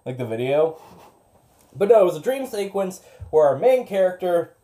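A podcast host in their thirties with a gravelly voice, chatting casually and rambling about a TV episode. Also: mid-range voice, normal speed. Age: 30s. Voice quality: gravelly, smoker-like. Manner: rambling, animated, swears. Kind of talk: casual chat.

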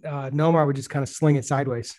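A man's voice: medium pitch, quick pace, no room sound. Chatty man talking baseball, dry mic. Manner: relaxed, chatty, filler-heavy talk. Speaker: podcast host. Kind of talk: casual baseball chat.

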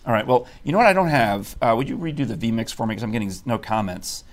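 Male talk-show host for a live studio stream, chatty and teasing, mid-pitched. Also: animated, fast talker. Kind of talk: casual live-stream chat.

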